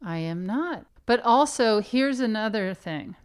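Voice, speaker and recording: Woman co-host, clear smooth voice, playful, defensive, thinking aloud. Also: a little high, animated, measured pace. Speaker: podcast co-host. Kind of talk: casual chat.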